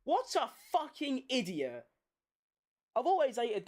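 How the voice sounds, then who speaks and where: A woman's voice: a little high, normal speed. Sweary woman calling a race. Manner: sweary, excitable, emotional. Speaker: streamer hosting a race watchalong. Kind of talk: live race commentary.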